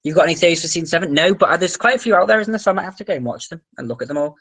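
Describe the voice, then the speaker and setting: A man's voice: on the high side, lively intonation, rapid-fire, fairly bright tone. A man livestreaming, casually reading viewer comments and answering questions in an offhand, chatty way.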